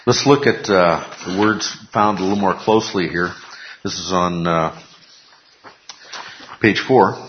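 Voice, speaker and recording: Male Bible teacher, low-ish voice, emphatic and repetitive, echoey lo-fi room sound. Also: unhurried, long pauses, slight background noise. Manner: emphatic, repeats key phrases, asks the class questions.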